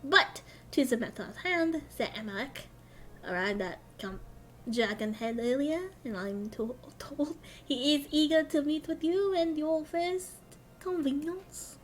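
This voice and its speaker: A woman's voice: sits high, animated, moderate pace, slight background noise. A woman voicing a gracious, courtly male knight lord in a game, speaking in an effusive, old-fashioned way. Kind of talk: reading game dialogue aloud.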